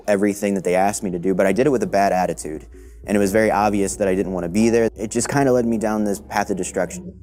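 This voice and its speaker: Low mellow young man recounting. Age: young adult. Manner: reflective, candid, low-key. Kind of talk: testimony interview.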